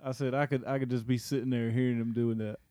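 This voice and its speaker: A man's voice: mid-range voice, flat delivery, fast, dark tone, no echo, studio quality. A man joking crudely and swearing freely in a casual chat with friends.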